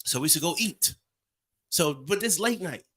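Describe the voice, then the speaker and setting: A man in his forties tells a long story on a podcast, acting out the voices and sound effects as he goes. His voice is bright and forceful, and it sits a little high for a man. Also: moderate pace, breathy edge. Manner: animated, acts out voices and sounds. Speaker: podcast co-host. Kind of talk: casual storytelling.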